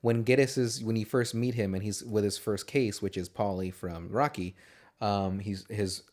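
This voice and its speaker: A man's voice: lowish voice, steady tone, normal speed, a little mellow. A man co-hosting a casual movie podcast, talking in a rambling, profane way and laughing often. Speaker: podcast co-host.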